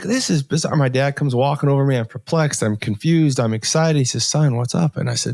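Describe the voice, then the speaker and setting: A man in his sixties, a podcast guest, telling a personal story in an earnest, halting way with many restarts and pauses. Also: mid-range voice, darkish tone, no echo, studio quality. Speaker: podcast guest, author and entrepreneur.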